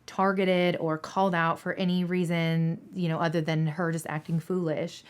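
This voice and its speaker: A woman in her thirties from Seattle answers interview questions as a dispatcher. She talks candidly and earnestly, repeating her points for emphasis. Her voice sits a touch low for a woman. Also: level tone, normal speed, smooth. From Seattle, Washington State.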